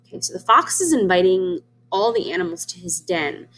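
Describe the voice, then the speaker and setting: A woman reads a children's storybook aloud, pausing to explain words and ask the children what they think. Her voice moves up and down in a very lively, expressive way. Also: lowish voice. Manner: warm, explains words to children, asks them questions. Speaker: teacher reading aloud. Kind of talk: children's read-aloud lesson.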